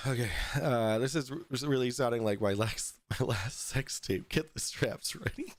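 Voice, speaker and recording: A man's voice: medium pitch, unhurried, dry recording. A man hosting a podcast, telling a story in a casual, profane way, often laughing through it. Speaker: podcast host.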